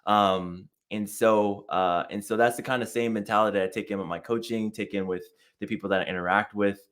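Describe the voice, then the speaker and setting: A man's voice: fairly low pitch, steady tone, a little fast, a bit bright. A man, a career coach, talking as a podcast guest in an enthusiastic, slangy way, with many "like"s and "um"s. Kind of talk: casual interview chat.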